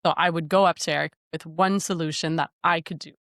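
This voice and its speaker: A woman's voice: low voice, steady tone, quick pace, fairly bright tone, dry recording. A woman co-hosting a marriage podcast, reflecting and brainstorming aloud in casual talk. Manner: thinks aloud, brainstorming with "you know". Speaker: podcast co-host.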